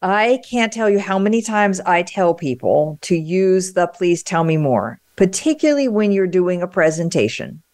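A woman hosting a podcast interview, upbeat and conversational with quick reactions. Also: lowish voice, sing-song, a little mellow, no echo, clean studio sound. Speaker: podcast host. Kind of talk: casual interview.

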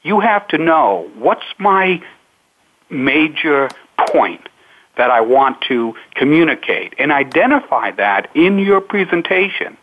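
A man who coaches public speaking, answering interview questions in a measured, unhurried way with frequent pauses. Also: a little high, sing-song, slight background noise. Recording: narrow phone-line sound.

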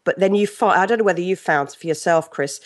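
A middle-aged woman with an English accent, a guest telling stories in a lively, chatty way with many restarts. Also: on the low side, quick pace. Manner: chatty, animated storyteller with frequent restarts and laughs. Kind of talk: casual interview chat.

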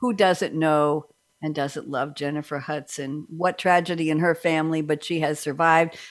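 Woman, radio host, middle-aged, low-ish voice, casual, digressive. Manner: rambling, chatty, digressive.

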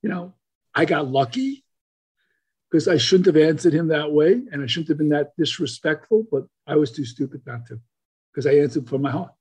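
An older man with a husky, mellow voice and a slightly high pitch. He spins an animated story as a podcast guest, stumbling through plenty of fillers and restarts. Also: moderate pace.

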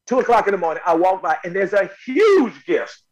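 A man from North Carolina with a fairly high voice tells stories in a relaxed interview. He is animated and often repeats words as he goes. He talks about his own life as the guest actor. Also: fairly quick, poor audio. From North Carolina, USA. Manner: animated, repeats words while telling a story. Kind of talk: casual storytelling interview.

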